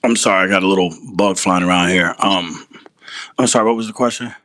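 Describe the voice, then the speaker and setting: Relaxed, joking man co-hosting a stream. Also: low-pitched, a little fast. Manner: relaxed, joking, laughs a lot. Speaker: talk show co-host. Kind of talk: casual live-stream chat.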